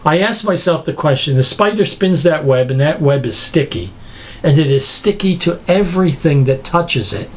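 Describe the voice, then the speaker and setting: A man's voice: fairly high pitch, expressive, normal speed. A man preaching a lecture-style sermon, emphatic and full of rhetorical questions.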